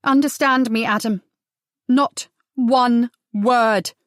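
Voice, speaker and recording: A woman voicing a fierce, defiant young writer, speaking sharply and forcefully. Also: on the high side, normal speed, no room sound, clean studio sound, natural voice.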